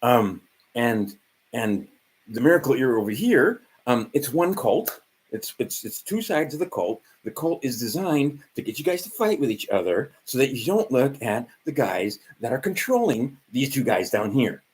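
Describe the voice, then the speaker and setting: A man's voice: mid-range voice, big pitch swings, normal speed, slightly rough, rough recording. A man of around 60 from Hawaii, rambling through a profane vlog monologue full of fillers and asides. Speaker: vlogger.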